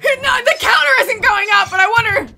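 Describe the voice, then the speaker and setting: A woman doing let's play commentary as a gaming channel host, excitable, with shrieking reactions and jokey running gags. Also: extremely high pitch, a little fast, creaky, soft background music.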